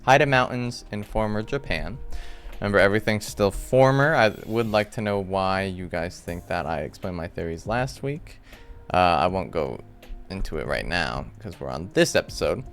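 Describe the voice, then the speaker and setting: A man hosting a casual, rambling breakdown of a TV episode from a room at home, full of animated asides. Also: low-pitched, normal speed, soft background music. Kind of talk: casual recap commentary.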